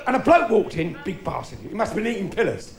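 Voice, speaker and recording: A man's voice: high voice, big pitch swings, quick pace. A middle-aged man doing a bawdy stand-up routine on a theatre stage, telling cheeky stories with punchlines. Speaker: stand-up comedian. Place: theatre stage before a live audience. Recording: noisy live recording with loud laughing crowd.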